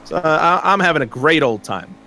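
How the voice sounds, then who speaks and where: A young man tells a story in a loose, rambling way, full of fillers and bursts of laughter. His voice is bright and a bit high, and it swings up and down with lively energy. A faint hiss sits under it. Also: fairly quick. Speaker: streamer telling a story. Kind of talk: casual storytelling chat.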